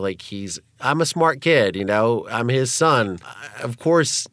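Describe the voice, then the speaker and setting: A man's voice: medium pitch, expressive, takes it slowly, hardly any pauses, a bit bright, no echo. A man telling his life story as a guest, candid and conversational, with nervous laughs and frequent fillers.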